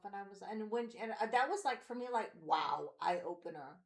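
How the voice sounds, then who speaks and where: A woman's voice: medium pitch, animated, brisk, gravelly, hardly any pauses, roomy sound. A woman in her forties on a podcast, telling personal stories in a rambling way, with lots of fillers and quoted voices. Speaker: podcast co-host. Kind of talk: candid personal conversation.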